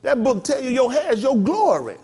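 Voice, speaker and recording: Animated high-voiced preaching man. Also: a little fast, slightly rough. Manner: folksy preaching with mock voices and laughter. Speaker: pastor. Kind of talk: sermon.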